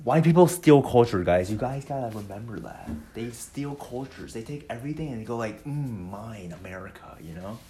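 A man's voice: medium pitch, animated, fairly quick, hardly any pauses, roomy sound, a crowd in the background. A young man co-hosting a podcast, chatting casually in a crude, joking way with mumbled asides. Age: young adult. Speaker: podcast co-host. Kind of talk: casual chat.

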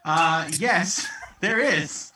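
A man playing a tabletop game, animated and laughing a lot. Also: on the high side, extremely slow, a little hiss or hum. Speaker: player. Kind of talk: casual game chat. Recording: echoey, from a distance.

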